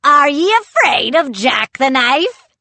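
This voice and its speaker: A woman voicing a boastful male pirate puppet with loud, swaggering cries in a storybook reading. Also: high voice, very animated, slow pace, no echo, voice pushed up, full character voice. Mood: gleeful menace.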